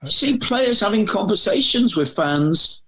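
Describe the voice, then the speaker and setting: A man's voice: high voice, expressive, measured pace, pushed and bright. A middle-aged man telling long, rambling anecdotes as a podcast guest, often restarting his sentences. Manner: rambling storyteller with frequent restarts. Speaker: podcast guest, former magazine editor. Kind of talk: casual anecdotal chat.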